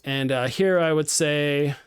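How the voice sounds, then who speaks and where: A man teaching a game streaming class live, walking through software setup in a casual, upbeat way with many ums and restarts. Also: fairly high pitch, takes it slowly, clean tone.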